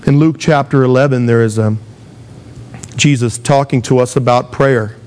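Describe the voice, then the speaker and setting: A man preaching a sermon in a mid-range voice, speaking with emphatic rises and lively acted quotes. He talks straight to his listeners, pressing his points home. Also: mid-range voice, moderate pace. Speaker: pastor.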